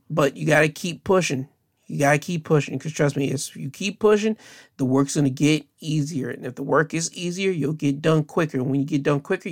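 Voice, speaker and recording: A young man hosting his own podcast, rambling through a casual sign-off with frequent restarts, earnest and encouraging. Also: on the high side. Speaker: podcast host.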